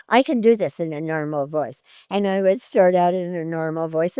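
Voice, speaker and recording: An older actress in an interview, telling stories in a chatty, animated way, often laughing and jumping her voice up for quoted lines. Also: fairly low pitch, normal speed, clean tone, no echo, studio quality. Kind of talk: conversational storytelling interview.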